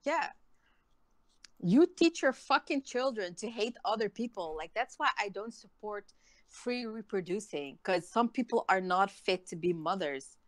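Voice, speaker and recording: A woman's voice: medium pitch, animated, a little slow, no echo. A woman in a heated casual chat, ranting angrily with a lot of swearing. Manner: angry, profane ranting.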